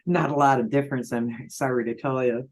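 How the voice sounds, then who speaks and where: A man's voice: mid-range voice, steady tone, a little fast. A male host, joking and laughing often in a casual chat.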